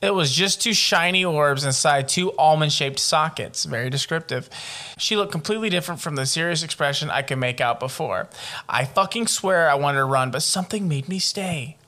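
A man's voice: fairly high pitch, moderate pace, bright, forceful tone. A man hosting a casual podcast, reading a listener's scary story aloud and breaking off into profane jokes. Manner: profane, joking commentary. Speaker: podcast host.

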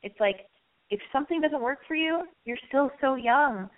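On a casual call-in radio advice show, the female host has a high-pitched voice with lively intonation, though it's raspy and hoarse as she loses it. She speaks at a moderate pace over phone-quality sound. She's candid and meandering, with plenty of swearing.

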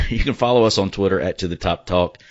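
Deep-voiced man hosting a podcast. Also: a little fast. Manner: chatty, joking, upbeat plugs. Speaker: podcast host. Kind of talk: casual sports podcast chat. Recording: slightly dull lo-fi sound.

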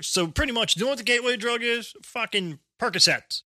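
A man's voice: extremely high pitch, a little fast, bright, forceful tone, dry recording, clean studio sound. A man from New Jersey co-hosting a podcast, rambling and swearing, often repeating words as he talks. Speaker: podcast co-host. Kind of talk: casual chat.

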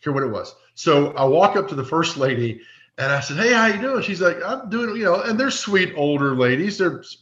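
Bright-voiced man telling stories, echoey. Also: a little high, fairly quick. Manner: animated, acts out quoted voices. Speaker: podcast guest. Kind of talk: casual storytelling chat. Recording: echoey, dull lo-fi.

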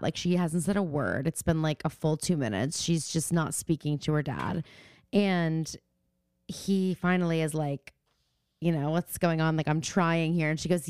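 A woman's voice: low voice, darkish tone, clear, resonant tone, no room sound. A young woman co-hosting a podcast, chatting casually and swearing freely as she acts out quotes. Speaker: podcast co-host. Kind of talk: casual recap chat. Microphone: remote call mic.

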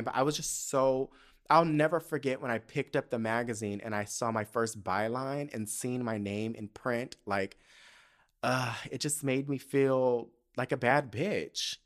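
A young man talking through his own memories on a casual podcast. He is candid and profane, and he gets emotional as he talks. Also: medium pitch. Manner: candid, profane, emotional, often tearful and laughing. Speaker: podcast host. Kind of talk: casual solo podcast storytelling.

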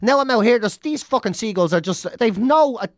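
Sweary Dublin man, lively pitch. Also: a little fast, dry recording, studio quality. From Ireland. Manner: sweary, exasperated storytelling. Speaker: podcast co-host. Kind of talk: casual chat.

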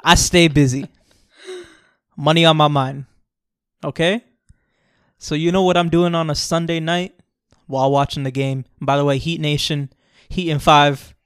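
Animated, joking male podcast host. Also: on the high side, unhurried, smooth, dry recording, studio quality. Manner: animated, joking storyteller, loud bursts. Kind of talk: casual storytelling chat.

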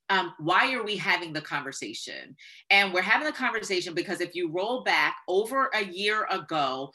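A woman speaking as a guest expert in an interview, emphatic and building to forceful points. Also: fairly low pitch. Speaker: guest expert on corporate diversity. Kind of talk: conversational interview talk.

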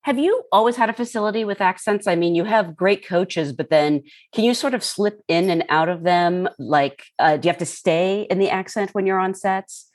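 A woman's voice: medium pitch, normal speed, no room sound, clean studio sound. A woman interviewer asking curious, conversational questions.

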